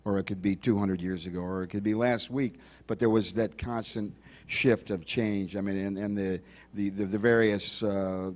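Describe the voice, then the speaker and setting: Brief: male panelist, lowish voice, stumbling, repeats small words while he thinks. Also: a little mellow. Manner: halting, repeats words while searching for them. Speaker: actor on a convention panel. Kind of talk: convention panel discussion.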